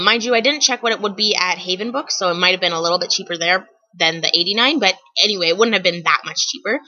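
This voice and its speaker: A woman's voice: lowish voice, bright, forceful tone, no room sound, highs cut off. A young woman telling funny stories to camera in a chatty vlog, with lots of fillers and restarts. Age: young adult. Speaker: vlogger. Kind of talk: casual storytelling to camera.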